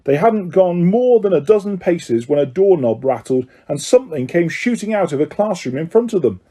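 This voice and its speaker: A man reading an audiobook with lively, dramatic storytelling. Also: high voice, normal speed. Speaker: audiobook narrator. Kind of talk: scripted narration.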